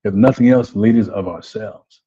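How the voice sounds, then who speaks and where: Low dark-voiced male life coach. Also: normal speed, husky. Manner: repetitive, keeps asking "right?" and saying "man". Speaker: life coach hosting a live webinar. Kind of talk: motivational talk to viewers. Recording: dull lo-fi audio.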